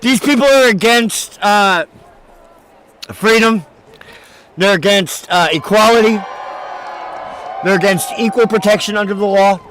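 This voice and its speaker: High-voiced mocking stream commentator man. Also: measured pace, pauses often, some chatter behind, a little hiss or hum. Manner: mocking, laughs often, loud outbursts. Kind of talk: casual live-stream commentary.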